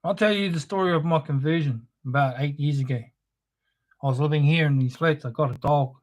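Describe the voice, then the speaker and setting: Fast-ish and fairly high in pitch, the host of a live stream launches into a spoken-word rant. He lectures, confronts, and swears a lot.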